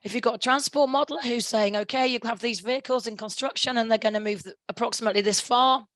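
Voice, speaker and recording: A middle-aged woman with a hoarse, croaky throat presents a webinar over a video call. Her voice sits a little high. The sound is dry and close, and she keeps restarting phrases and clearing her throat. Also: fast, no room sound, poor audio. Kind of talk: conference presentation.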